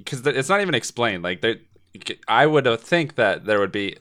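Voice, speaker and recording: A man's voice: medium pitch, sing-song, a little fast, a bit bright. A man in casual chat about a movie, hesitant and repeating words, with dry humor. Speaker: movie discussion panelist.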